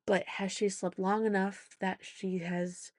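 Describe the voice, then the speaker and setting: A woman's voice: mid-range voice, level tone, unhurried, a little mellow, dry recording, studio quality. A woman hosting a casual storytelling podcast, chatty as she recounts her week and acts out the voices in her anecdotes. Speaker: podcast host; mother.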